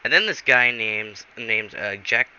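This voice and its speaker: A man telling an improvised story in a rambling, halting way, in a dull lo-fi recording. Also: fairly low pitch, animated, bright, forceful tone, slight background noise. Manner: rambling, halting, many fillers.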